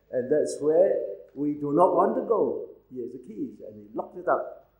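Animated preaching man, roomy church sound. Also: a little high, normal speed, narrow, tinny audio. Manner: emphatic preaching, reads scripture aloud and exhorts the congregation. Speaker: pastor. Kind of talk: sermon.

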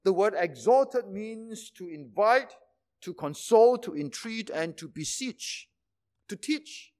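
High-voiced man preaching a sermon. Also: expressive, slow, a little mellow. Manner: emphatic, with rhetorical questions and repetition.

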